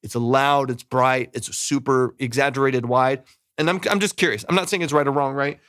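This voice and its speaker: A man's voice: mid-range voice, fairly even intonation, normal speed, fairly bright tone, no room sound, clean studio sound. A man giving casual, hedging mix feedback as a music producer, repeating himself and humming parts with da-da sounds. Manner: hedging, repeats words, scats melodies with da-da. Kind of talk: casual live critique.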